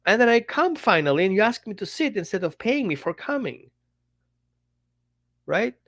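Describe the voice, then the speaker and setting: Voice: mid-range voice, big pitch swings, normal speed, fairly bright tone, no room sound, clean studio sound, pitched above the performer's own voice. A dog trainer voicing a resentful pet dog that talks back to its owner with sarcastic questions. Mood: indignant. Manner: indignant, sarcastic rhetorical questions.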